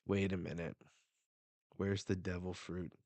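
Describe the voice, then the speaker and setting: A young man reading a manga chapter aloud in a live reaction, excitable and swearing as he goes. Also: low-pitched, measured pace, creaky, no echo.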